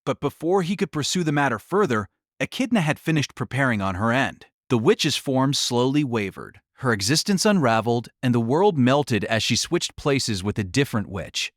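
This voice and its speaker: A man narrating an audiobook in an expressive, dramatic storytelling manner. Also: medium pitch, normal speed, few pauses, no echo, studio quality.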